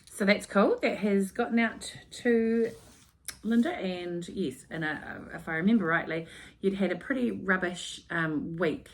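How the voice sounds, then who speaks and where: Upbeat New Zealand woman co-host. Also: medium pitch. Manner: friendly, upbeat, quick asides. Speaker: podcast co-host. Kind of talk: casual chat.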